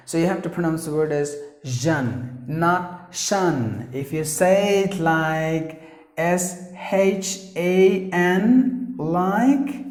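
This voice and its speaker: A man's voice: fairly high pitch, darkish tone, roomy sound. A man teaching pronunciation, repeating each word several times to drill it. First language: Tamil. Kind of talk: pronunciation lesson.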